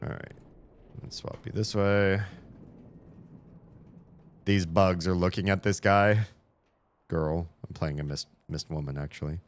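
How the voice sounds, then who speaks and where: A man giving live, rambling commentary while playing a puzzle game, mocking himself and swearing when stuck, then breaking into high excited shouts when something works. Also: a little slow, pauses often. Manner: bursts into high excited shouts at small wins.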